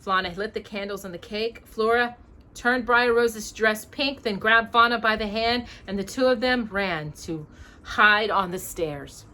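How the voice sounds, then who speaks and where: A woman reading a storybook aloud to her child in an expressive way, pausing to ask her questions. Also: medium pitch.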